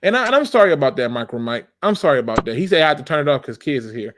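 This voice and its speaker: A man's voice: medium pitch, lively intonation, very fast, noisy background. A man hosting a football fan channel, talking in a casual commentary rant, emphatic and informal, repeating his phrases for effect.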